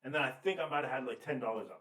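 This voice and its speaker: A man co-hosting a podcast, telling animated, swearing stories and acting out the people in them. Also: medium pitch, rapid-fire, distant mic. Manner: animated, swearing, acts out quotes. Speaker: podcast co-host. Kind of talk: casual storytelling chat. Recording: roomy, off-mic sound.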